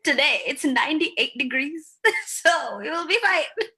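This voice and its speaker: A woman speaking as a veteran guest in a casual panel discussion, relaxed and quick to laugh. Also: high-pitched.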